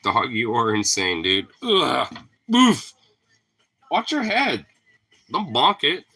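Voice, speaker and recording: A man chatting to his dog in a home vlog, with a playful, teasing manner and casual swearing. His voice is bright and forceful, and his pitch swings a lot. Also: wildly swooping pitch, slow pace, breathy edge. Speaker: dog owner.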